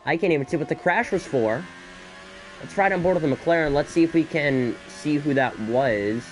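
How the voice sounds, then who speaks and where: A man doing solo live commentary on an esports race, excitable and a bit out of breath, with chatty asides between the action. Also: a little high, normal speed, a little hiss or hum. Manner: excitable, rising to shouts in battles, chatty asides.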